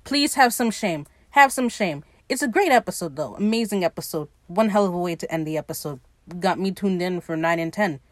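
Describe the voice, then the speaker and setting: A woman's voice: lowish voice, lively intonation, brisk, no echo, clean studio sound. A woman hosting a podcast, giving a casual, sarcastic and profane recap of a TV episode and acting out bits of dialogue as she goes. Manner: sarcastic, profane running commentary; acts out quoted dialogue while retelling. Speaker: podcast host recapping a TV series.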